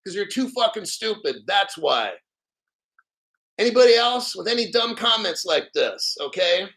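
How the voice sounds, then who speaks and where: Middle-aged male crypto host, high and sharp-edged voice, profane combative rant. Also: big pitch swings, a little slow, gravelly. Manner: profane, combative, mocking viewers. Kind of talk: angry livestream rant.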